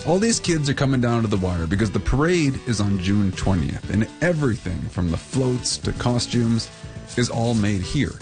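A man's voice: medium pitch, expressive, moderate pace, over music. A man co-hosting a radio show, telling an upbeat, playful on-location story. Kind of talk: feature reporting on location.

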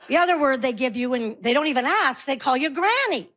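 A woman's voice: high voice, lively intonation, a little fast, few pauses, fairly bright tone. A woman, doing a wry, self-mocking stand-up comedy set. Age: 60s. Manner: wry, self-mocking, punchy delivery with put-on voices.

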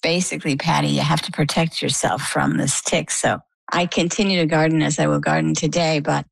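Woman, middle-aged, from Maine, interview guest, animated storyteller, low pitch, gravelly, dry sound. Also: fairly quick, dry recording, poor audio. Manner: animated storytelling, acts out quoted dialogue.

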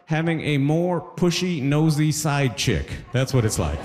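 A man's voice: fairly high pitch, big pitch swings, moderate pace, a little mellow. A middle-aged man doing a stand-up set on a concert hall stage. He talks in a casual, self-mocking way and chuckles at his own jokes. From Toronto area, Canada. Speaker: stand-up comedian.

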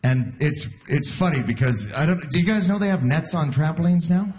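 A Canadian man in his forties does a stand-up set, his voice a little high, animated, fairly quick and slightly mellow. He tells stories in a relaxed manner, laughing at his own jokes while the audience laughs too.

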